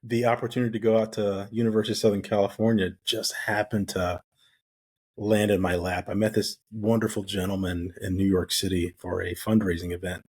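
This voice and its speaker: A man's voice: on the low side, fairly quick, slightly rough. A middle-aged man from the United States, a guest on an interview, telling his story casually and acting out the dialogue he quotes. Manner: animated storyteller who acts out quoted dialogue. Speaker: guest, retired Navy SEAL.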